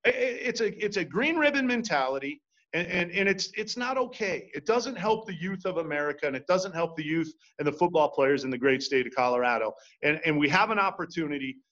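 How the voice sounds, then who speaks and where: A man's voice: fairly high pitch, expressive, a little fast, fairly bright tone. A man hosting sports talk, emphatic and passionate, often stumbling over restarts as he builds to heated appeals. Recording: dull lo-fi audio.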